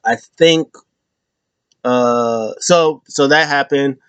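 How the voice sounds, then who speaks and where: A man talks through a casual recap in a rambling, easygoing way, doubling back to fix names as he goes. His voice sits at an ordinary middle pitch. The sound is dry and close, with no room around it. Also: extremely slow, a bit bright, clear, resonant tone, no room sound. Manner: rambling, loose storytelling with self-corrections. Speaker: show host recapping wrestling.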